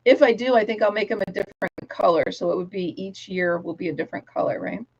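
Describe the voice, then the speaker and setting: A woman's voice: medium pitch, fast, creaky, darkish tone, husky, muffled recording. A middle-aged woman hosting a casual craft livestream, chatty, laughing often and breaking into bits of song. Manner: chatty, laughs often, sings snatches of songs.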